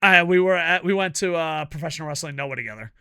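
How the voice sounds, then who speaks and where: Gravelly, bright-voiced man ranting profanely. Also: a little high, quick pace, no echo, studio quality. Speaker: wrestling reviewer and show host. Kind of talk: ranting casual video review.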